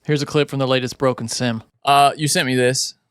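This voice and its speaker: Smooth-voiced man co-hosting a podcast. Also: medium pitch, fairly even intonation, fairly quick, fairly bright tone, no room sound, studio quality. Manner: laughing along, chatty. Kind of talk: casual podcast chat.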